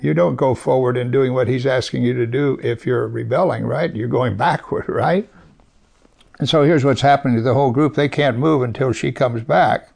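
Gravelly-voiced male preacher teaching scripture. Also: medium pitch, moderate pace, a little mellow. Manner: conversational Bible teaching with rhetorical questions and chuckles. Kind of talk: sermon.

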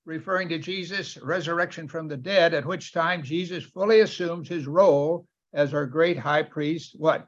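A man's voice: fairly high pitch, normal speed, hardly any pauses. A man preaching a sermon with emphasis, often asking his listeners questions. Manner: emphatic, asks the audience questions. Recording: dull, lo-fi sound.

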